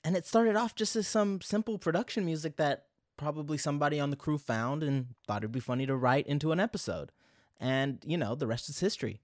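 A man's voice: a little high, a little fast, dry recording. Young male vlogger, casual nostalgic monologue, dry recording. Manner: conversational, many fillers and asides.

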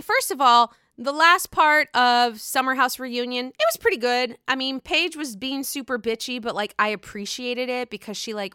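Excitable, chatty young woman with a bright voice. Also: a little high, clean tone, no echo, clean studio sound. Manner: excitable, chatty, swears freely. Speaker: reality TV commentary host. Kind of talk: casual solo commentary.

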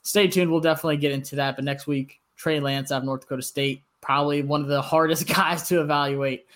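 This man hosts a casual sports chat podcast. His voice sits a little higher than most men's. He talks with an eager, enthusiastic energy and laughs easily. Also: steady tone, quick pace, a bit bright. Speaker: podcast host.

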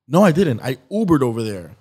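A husky, mid-range male voice moves a little fast as a skit creator, here a guest on an interview show, tells a long, casual story. He rambles with plenty of filler and acts out quotes in an animated way.

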